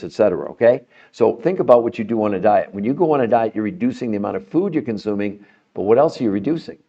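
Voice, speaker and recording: Through lo-fi sound comes a man's voice on the low side. He's a middle-aged health podcast host speaking directly to viewers, promoting with emphasis and persuasion and becoming more animated as he proceeds.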